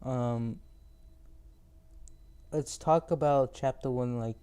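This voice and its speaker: A man's voice: mid-range voice, fairly even intonation, slow, mellow, clear, resonant tone. A teenage male podcast host in casual chat, rambling and teasing, often losing his thread mid-sentence.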